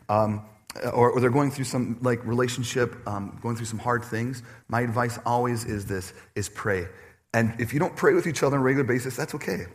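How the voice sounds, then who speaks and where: A man preaching a sermon to his congregation, animated and personal, acting out quoted voices with laughter. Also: mid-range voice. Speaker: pastor. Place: church stage before a congregation.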